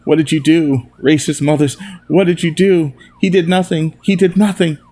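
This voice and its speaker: A man voicing an angry young man who shouts in protest in a storybook reading. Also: fairly high pitch, steady tone, normal speed, pitched above the performer's own voice, close to an everyday voice. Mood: outraged. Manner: shouting, outraged.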